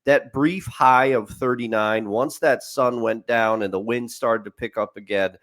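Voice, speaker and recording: A man's voice: medium pitch, steady tone, unhurried, a bit bright. A man co-hosting a sports podcast, telling stories in a rambling way, restarting sentences and laughing at his own tales. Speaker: podcast co-host. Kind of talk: casual sports chat.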